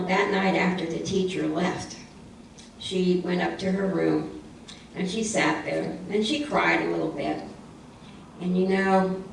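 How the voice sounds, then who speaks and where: A woman tells a children's story at church, lively and expressive, repeating key lines. She is far from the mic in a very echoey room, with a faint hiss under her voice. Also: fairly low pitch, vocal fry. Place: church hall.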